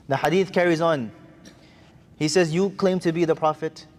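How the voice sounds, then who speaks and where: A man preaching in a mosque, telling a story quickly and acting out the quoted speech. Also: on the high side, steady tone, a little mellow. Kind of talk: sermon.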